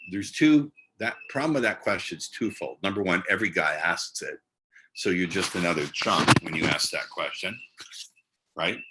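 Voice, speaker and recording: A man in his sixties giving casual instruction as a dating coach from a side room at home, blunt and profane, slowing into a hypnotic cadence for his examples. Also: deep voice, sharp tone, slight background noise. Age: 60s.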